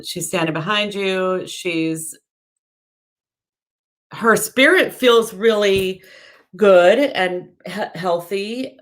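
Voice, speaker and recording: A woman's voice: lowish voice, fairly bright tone. Lady medium doing live readings, rambly and casual, lots of um and like. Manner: chatty and searching, many fillers and self-corrections; reads viewer comments aloud. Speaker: psychic medium. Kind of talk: live-stream reading for viewers.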